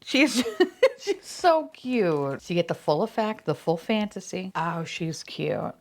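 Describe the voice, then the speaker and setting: A woman chatting casually while unboxing toys, bubbly and excitable, swearing and laughing often. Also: on the low side, unhurried, creaky. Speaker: unboxing vlogger.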